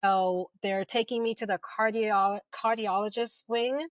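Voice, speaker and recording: A woman's voice: mid-range voice, measured pace. A middle-aged woman with a mid-range voice recounts her experience as an interview guest. She tells it vividly and jumps into the voices of the people she quotes. The sound is dry and close, with no room echo. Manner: animated retelling, acting out quoted voices. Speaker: guest, police officer. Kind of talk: storytelling in an interview.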